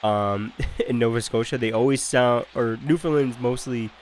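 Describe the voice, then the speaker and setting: A man's voice: medium pitch, normal speed, slight background noise. A man from Ontario with a Canadian accent, chatting casually over gameplay as a gaming creator, rambling with lots of "like" and "um" and many restarts. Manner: rambling, heavy use of "like" and "um", frequent restarts.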